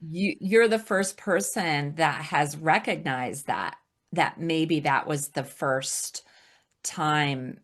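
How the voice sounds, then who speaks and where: A woman's voice: sits low, takes it slowly. A woman from Alaska talking as a podcast guest, reflective, often laughing as she speaks. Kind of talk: casual conversation.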